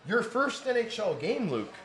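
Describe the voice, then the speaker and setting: High-pitched and sing-song, a man from Toronto hosts a podcast in a studio within a sports bar, his bright-ish voice moving at a moderate pace over slight background noise. The casual interview chat is enthusiastic and emphatic, with repetition used for stress.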